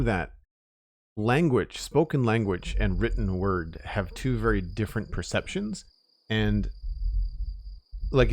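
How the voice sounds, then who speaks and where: A man's voice: fairly low pitch, darkish tone. A man streaming a building game and chatting casually with viewers, rambling, with many fillers and restarts. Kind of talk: casual live-stream chat while playing.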